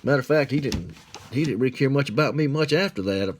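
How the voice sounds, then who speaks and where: A man's voice: mid-range voice, expressive, fast talker, a little hiss or hum. A man with a Southern accent telling a rambling, folksy story in a drawling, colloquial way.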